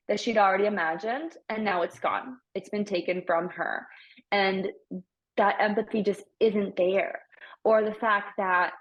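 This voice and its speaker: Woman, podcast guest, earnest and emphatic, medium pitch, slightly muffled lo-fi sound. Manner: earnest and emphatic, with many "like" fillers. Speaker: pregnancy loss coach. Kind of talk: heartfelt conversational podcast talk. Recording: slightly dull lo-fi audio.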